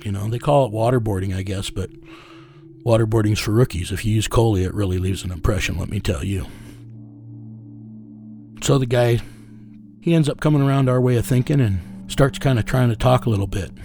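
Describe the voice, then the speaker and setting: A man's voice: on the low side, fairly quick, mellow, a little hiss or hum. Blunt, profane man telling a story. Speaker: interview guest. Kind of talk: casual storytelling.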